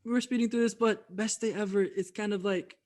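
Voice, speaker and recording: A man's voice: high-pitched, fairly even intonation, a little fast, a little mellow. A man co-hosting a podcast, reviewing music in loose, laughing casual chat full of fillers. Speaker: podcast co-host.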